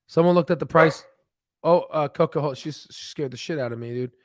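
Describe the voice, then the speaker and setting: A man's voice: fairly high pitch, brisk, dry recording, studio quality. A man hosting a casual live stream about stocks, thinking aloud with lots of fillers and restarts as he reads charts. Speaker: stock market livestream host. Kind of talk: casual live chat while reading charts.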